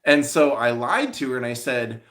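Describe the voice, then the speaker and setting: A man talking loosely to his live-stream audience at a middle pitch, the way a vlogger catches up with regular viewers. His stories ramble and double back on themselves. He trips over his own starts before he gets to the point. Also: sing-song, moderate pace, fairly bright tone. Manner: rambling storyteller with many restarts and fillers. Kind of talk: casual live-stream chat answering viewers.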